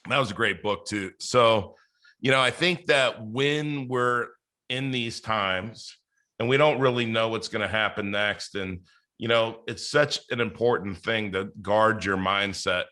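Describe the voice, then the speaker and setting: A man's voice: fairly low pitch, steady tone, normal speed, bright, forceful tone. A man hosting a podcast interview, chatting casually with plenty of fillers and restarts. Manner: rambling, many fillers and restarts. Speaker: podcast host.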